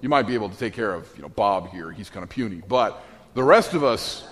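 A man's voice: on the low side, lively intonation, fairly quick, fairly bright tone, pitched below the performer's own voice. A man putting on the voice of a cowering, blustering male demon in a sermon, exaggerated and pleading. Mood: boastful. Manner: pleading then boastful, exaggerated. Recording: echoey hall.

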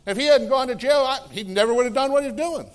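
A middle-aged man, a pastor, preaching a sermon in a conversational way, laughing between phrases and swinging from loud exclamations to hushed, soft tones. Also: extremely high pitch, fast talker.

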